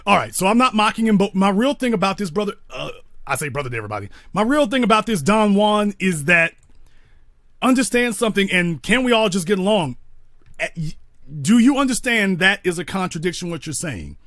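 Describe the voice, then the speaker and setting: A man's voice: sits high, sing-song, brisk, fairly bright tone, no echo, studio quality. A man hosting a call-in talk show, lecturing a caller in an emphatic, pointed way. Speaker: host.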